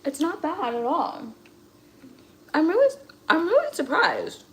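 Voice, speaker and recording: A woman's voice: high voice, big pitch swings, measured pace, a bit bright. A young woman hosting a casual live cooking stream from her home kitchen, chatty and blunt, with casual swearing. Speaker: livestream host. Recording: roomy kitchen echo, faint background noise.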